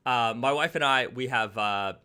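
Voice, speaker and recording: Bright-voiced chatty man hosting a stream. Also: mid-range voice, moderate pace, smooth. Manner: chatty, repeats words and restarts often. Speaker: livestream host. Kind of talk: casual live stream chat. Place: home.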